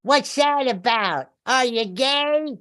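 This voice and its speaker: A man imitating a female therapist who blurts things out in a shrill, cartoonish yell. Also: animated, slow pace, smooth, exaggerated voice. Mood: blurting. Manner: yelled, blunt, cartoonish.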